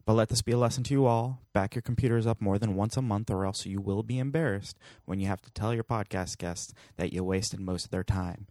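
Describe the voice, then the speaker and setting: Guy in his 30s doing a podcast outro, lowish voice, rambly and self-mocking, dry close mic. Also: fairly quick, few pauses, darkish tone, no room sound. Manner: jokey, self-deprecating, rambling asides. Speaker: podcast host. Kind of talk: casual podcast monologue.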